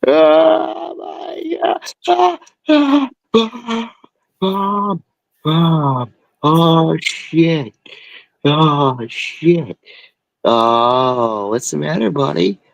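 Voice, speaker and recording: A man's voice: extremely slow, gravelly, a bit bright, dry recording, lo-fi sound, exaggerated voice. A man playing his panicked teenage self, wailing and begging his mother not to be mad after smoking pot. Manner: high, wailing, pleading.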